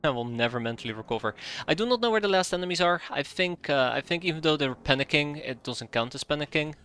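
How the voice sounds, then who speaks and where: Exasperated male game streamer, bright crisp voice. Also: on the high side, quick pace. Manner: exasperated, sarcastic running commentary with muttered math. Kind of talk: live gameplay commentary.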